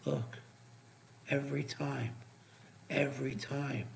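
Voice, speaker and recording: A man giving profane, sarcastic live trading commentary, muttering asides as he checks charts, while his voice is going hoarse. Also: mid-range voice, level tone, slow, a little hiss or hum. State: losing his voice. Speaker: crypto trading streamer.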